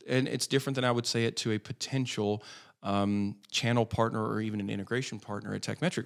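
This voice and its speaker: Man, thirties, low gravelly voice, lively guest on an interview podcast. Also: brisk. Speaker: guest, head of business development.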